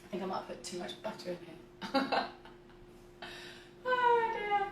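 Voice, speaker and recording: A woman in her thirties hosts a casual baking livestream in her home kitchen, speaking slowly in a very high voice with huge pitch swings. She chats, giggles and reads viewer comments aloud. The distant camera mic gives a roomy sound with slight background noise.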